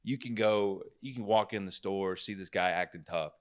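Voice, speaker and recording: A deep-voiced man from Arkansas talks in an easy, laid-back way during a casual podcast chat. He sounds earnest and keeps checking in with a quick 'right?'. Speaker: guest comedian.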